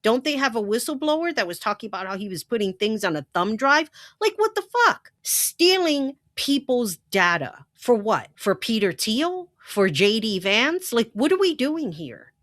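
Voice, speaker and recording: Indignant woman with a lively voice. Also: a little high, moderate pace, few pauses, no room sound, studio quality. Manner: blunt, indignant, profane. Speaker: commentary channel host. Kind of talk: political commentary.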